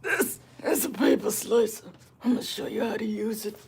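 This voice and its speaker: A woman's voice: fairly high pitch, lively intonation, moderate pace, vocal fry, darkish tone, slight background noise. A woman putting on an accented persona for a whispered role-play tool demonstration, playful and step-by-step. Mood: playful demo. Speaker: craft demonstrator.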